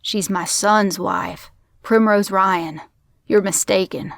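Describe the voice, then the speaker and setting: A woman's voice: mid-range voice, drawn-out words, mellow, dry recording. A woman voicing an older male rancher who scoffs and barks orders at his son. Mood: scoffing. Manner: scoffing, commanding. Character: gruff old male rancher, father.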